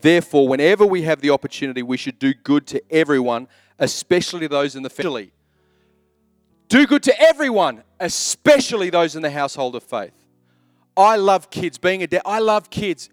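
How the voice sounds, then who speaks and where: A middle-aged man preaching a sermon as a pastor, animated, repeating key phrases and acting out little asides. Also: a little high, normal speed, no echo, studio quality, soft background music.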